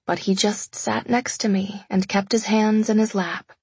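A woman reads a first-person romance audiobook in an intimate, confessional tone. Her voice is breathy and a little husky, mid-pitched, recorded dry on a close mic. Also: fairly even intonation, a little slow, a little mellow, no echo. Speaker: audiobook narrator. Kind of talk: scripted first-person narration.

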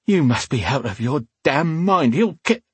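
A man voicing a rough, bitter street thug who growls and spits his words in an audiobook. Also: animated, unhurried, no room sound, full character voice. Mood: bitter, growling. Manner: spitting, growling, higher and harsher than the narrator. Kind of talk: audiobook character voice.

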